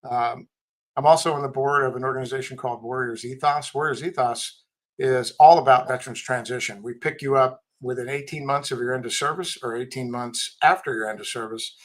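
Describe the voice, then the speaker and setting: A man's voice: medium pitch, fairly even intonation, a little fast, rough recording. A middle-aged man, a Marine veteran and company head, telling candid stories in a casual podcast interview with a blunt, wry manner. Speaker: guest, tech company CEO and Marine veteran.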